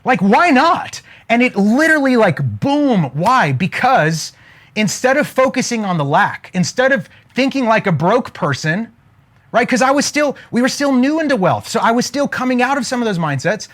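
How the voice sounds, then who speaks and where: A man around forty giving an energetic motivational talk, throwing rhetorical questions at his listeners. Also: very high voice, normal speed. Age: 40s. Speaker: motivational speaker.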